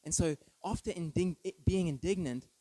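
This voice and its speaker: A pastor preaching an earnest, emphatic sermon full of rhetorical questions. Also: male voice, fairly high pitch, normal speed, dark tone, dry recording, poor audio. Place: church.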